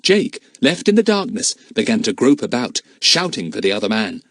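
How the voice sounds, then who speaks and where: A man narrating a children's adventure audiobook in a lively, expressive reading. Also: medium pitch, normal speed, no room sound. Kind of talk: storybook narration.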